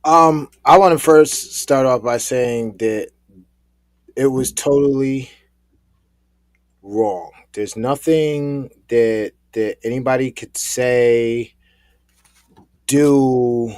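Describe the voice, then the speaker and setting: Slow, deliberate man in casual talk. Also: mid-range voice, no room sound. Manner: measured, deliberate, emphatic. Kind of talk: casual commentary chat.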